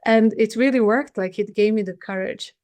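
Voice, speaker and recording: A middle-aged woman recounts a personal memory as an interview guest, speaking earnestly and haltingly, often restarting her sentences. Her voice sits at an ordinary middle pitch. The sound is close and dry, with no room echo. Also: darkish tone. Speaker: podcast guest.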